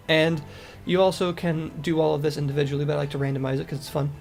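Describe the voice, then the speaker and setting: A man's voice, set a touch higher than usual, comes through stuffy and nasal with a slight rasp from a cold. He talks through a game in a loose, casual commentary, full of fillers and self-corrections. Soft music plays underneath. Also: steady tone, fast talker. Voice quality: raspy. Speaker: game reviewer.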